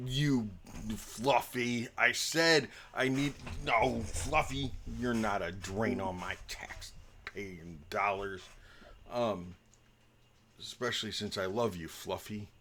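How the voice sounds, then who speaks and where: A man's voice: lowish voice, fairly bright tone, slight background noise. A man talking casually as dungeon master before a tabletop game, rambling and joking with lots of ums.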